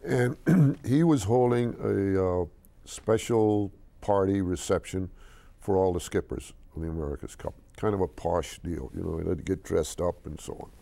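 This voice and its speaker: A low, gravelly older man tells a long story in a TV interview. His voice is dark and mellow. He stumbles and restarts, then acts out the voices of the people in it. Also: moderate pace. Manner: animated storyteller, hesitant with restarts. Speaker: interview guest, company chairman.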